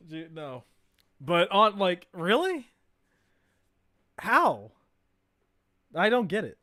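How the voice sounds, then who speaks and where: A man's voice: on the high side, big pitch swings, slow pace, long pauses, bright, forceful tone, dry recording, studio quality. A young man streaming a casual live reaction, blunt, profane and incredulous, often laughing.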